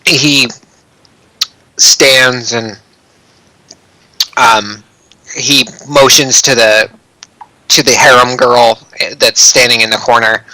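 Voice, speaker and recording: A male game master narrates a fantasy tabletop game at an unhurried pace. His voice is crisp and bright, with a dry, close sound. He hesitates often and fills the gaps with small pauses. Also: mid-range voice, no room sound, poor audio. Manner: hesitant, many ums and restarts.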